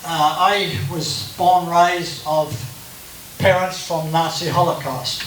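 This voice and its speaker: High-voiced Australian man telling his story. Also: steady tone, slow, a bit bright. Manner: chatty and joking, with laughs. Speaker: guest speaker at a church gathering. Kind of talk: personal storytelling talk. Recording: echoey room from a distance, faint hiss.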